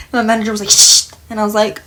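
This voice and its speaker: The recording is very noisy as a young woman, speaking fast in a flat, mid-range voice, does her makeup and casually retells a work episode. She curses bluntly, indignant, and quotes the dialogue as she performs it.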